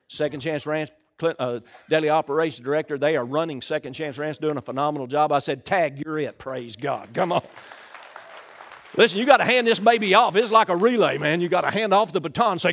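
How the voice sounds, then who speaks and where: An older man with a Southern US accent, a pastor preaching a live sermon in a church, folksy and joking, breaking into shouts. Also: a little high, expressive, a little fast.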